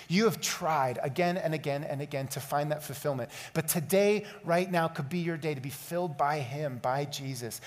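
Earnest preaching man in a reverberant hall. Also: a little high. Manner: earnest storytelling, rising to impassioned appeals. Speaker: pastor. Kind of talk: sermon with personal story.

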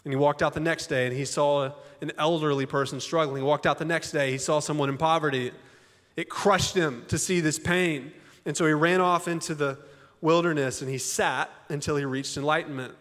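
A man's voice: fairly high pitch, fairly even intonation, brisk, fairly bright tone. A man preaching a sermon as a pastor, in a folksy, conversational way full of rhetorical questions. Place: church auditorium. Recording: long church hall reverb.

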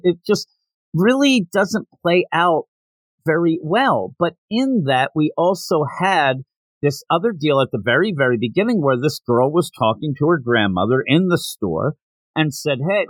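A man co-hosting a podcast, chatting casually about a manga he read and acting out its lines in quick, animated recaps. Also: on the high side, no room sound. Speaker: podcast co-host. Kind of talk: casual chat reviewing manga.

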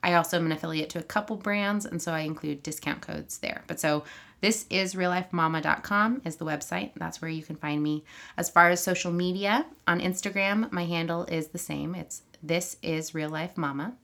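A woman's voice: fairly low pitch, moderate pace, vocal fry, a bit bright. A woman guest on a podcast, a therapist and blogger, chatting in a friendly, self-deprecating way. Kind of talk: casual podcast chat. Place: child's bedroom, seated on floor.

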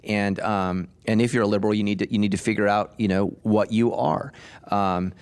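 Emphatic low-voiced man pastor. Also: steady tone, brisk, clean tone. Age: middle-aged. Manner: emphatic, opinionated, frequent restarts. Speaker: pastor, podcast host. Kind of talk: casual podcast discussion.

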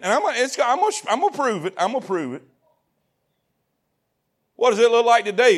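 A man preaching a sermon in a church, animated, repeating lines, shouting at times and asking the congregation questions. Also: very high-pitched, brisk, pauses often. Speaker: pastor. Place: church sanctuary.

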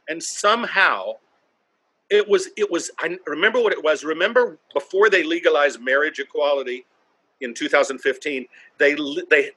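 A man's voice: on the high side, sharp tone, husky. A man who does stand-up comedy, telling blunt stories from the stage and swearing freely in a casual interview. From North Carolina, US.

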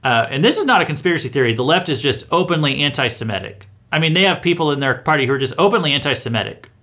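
A man's voice: on the high side, sing-song, quick pace, pushed and bright. A man hosting a satirical news round-up, giving opinionated commentary in a sarcastic, mocking tone and chuckling between points. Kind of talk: opinionated political commentary monologue.

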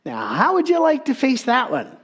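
A man's voice: very high voice, wildly swooping pitch, normal speed, slightly rough. A man preaching a sermon, telling a story in a humorous, conversational way.

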